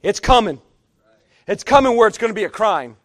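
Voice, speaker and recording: A middle-aged man preaching a sermon, emphatic, swinging between hushed and loud delivery. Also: high-pitched, expressive, brisk.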